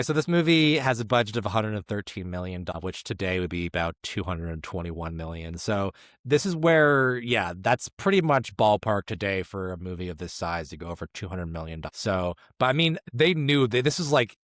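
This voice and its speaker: Low-voiced joking man, dry podcast mic. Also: fairly bright tone, no room sound. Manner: joking, self-deprecating, stumbles over names. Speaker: podcast co-host. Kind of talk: casual chat.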